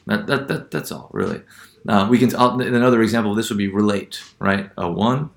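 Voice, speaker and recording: A man's voice: on the low side, fairly quick, gravelly, roomy sound. A man teaching pronunciation in a recorded lecture, hesitant, with many fillers and restarts, often checking in with "right?".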